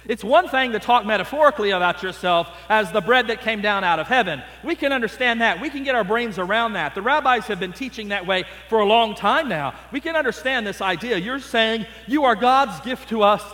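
A man's voice: high voice, animated, fairly quick, hardly any pauses, sharp tone, in a large hall. A man voicing a skeptical crowd of listeners, exasperated and arguing back in disbelief. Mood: incredulous. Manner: incredulous, arguing back, mock-pleading.

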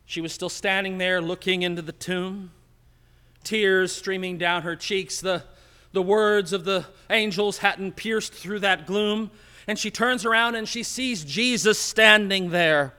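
A man preaching a sermon as pastor, slow and emphatic, dropping to a hush on key words, recorded in an empty church. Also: sits high, clean tone, big-room sound. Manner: slow, emphatic preaching with dramatic drops to quiet.

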